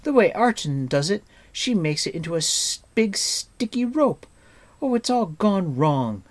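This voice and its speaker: A man voicing a spirited, sharp-tongued young girl who speaks in a raised, quick, indignant way. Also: high voice, very animated, voice pushed up. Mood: upset.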